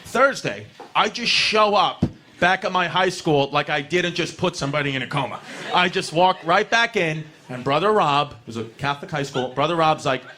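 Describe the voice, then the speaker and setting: A man from New doing a stand-up set, telling a profane story and shouting his punchlines. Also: on the high side, moderate pace. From New York. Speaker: stand-up comedian. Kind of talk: stand-up routine. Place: comedy club stage. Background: audience laughter.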